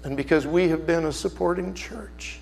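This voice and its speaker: A man preaching a sermon as a story, animated, swinging from loud outbursts to hushed, slow emphasis. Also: a little high, creaky, big-room sound, a little hiss or hum.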